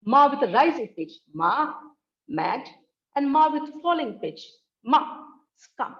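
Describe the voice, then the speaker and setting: A woman's voice: high voice, very animated, normal speed, dull audio. A woman giving an academic talk on linguistics, speaking carefully and demonstrating tones with examples. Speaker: linguistics researcher presenting.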